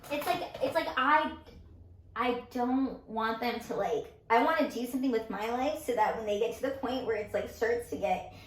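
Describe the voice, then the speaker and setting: A woman's voice: a little high, normal speed, roomy sound, slight background noise, rough recording. A woman in her twenties co-hosting a casual chat, sharing a personal story with many fillers and growing emotion. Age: 20s. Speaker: co-host. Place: indoors, getting ready with makeup.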